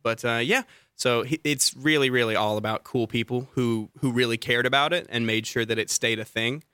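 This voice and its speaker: Young guy tour guide from georgia, southern accent mostly hidden, bright voice, dry close sound. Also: mid-range voice, normal speed, smooth, no echo. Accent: neutralized Southern US. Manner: animated, playful, acts out quoted voices. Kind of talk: casual storytelling chat.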